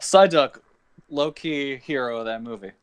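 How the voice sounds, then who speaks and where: A man's voice: medium pitch, a little slow, music in the background. A man co-hosting a podcast, talking enthusiastically and with profanity in casual chat. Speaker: podcast co-host.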